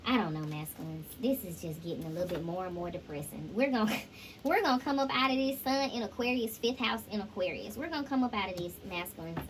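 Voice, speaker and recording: A woman's voice: medium pitch, animated, quick pace, slight background noise, rough recording. A woman giving a casual tarot reading, talking straight to viewers and breaking into song snippets. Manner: chatty, sings snippets, addresses viewers directly. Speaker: tarot reader.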